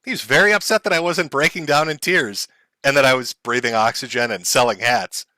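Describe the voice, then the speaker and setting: A man's voice: mid-range voice, a little fast, pushed and bright, dry recording, studio quality. A man hosting a live stream, commenting on clips in a mocking, profane way and laughing often. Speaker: livestream host.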